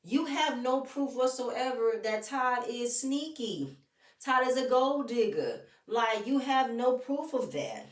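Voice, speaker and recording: A woman recapping a reality show in casual commentary, animated and opinionated, often talking straight at the people she discusses. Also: fairly high pitch, slow pace, distant mic. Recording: roomy echo, off-mic.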